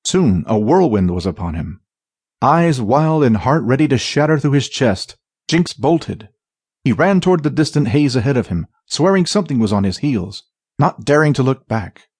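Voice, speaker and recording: A man narrating a fantasy audiobook in a dramatic, expressive reading. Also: mid-range voice, moderate pace, breathy edge, no echo, clean studio sound.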